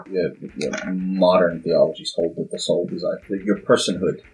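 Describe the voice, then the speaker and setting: A man's voice: low-pitched, fairly even intonation, normal speed, a little mellow, a little hiss or hum, poor audio. A man chatting casually, dropping wry, blunt quips. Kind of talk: casual chat.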